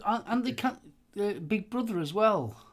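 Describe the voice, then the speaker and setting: A man's voice: sits high, animated, normal speed. A man co-hosting a live stream, agreeing and chiming in with short remarks. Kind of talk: casual chat.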